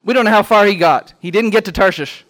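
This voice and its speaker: A man teaching a children's Bible lesson in a church classroom, animated and quizzing the class with questions. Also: high-pitched, fast.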